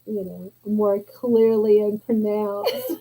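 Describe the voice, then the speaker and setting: A woman's voice: medium pitch, dark tone, husky, poor audio. A woman with a Southern US accent, co-hosting a casual chat show in a chatty, drawling way with many fillers. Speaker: podcast co-host.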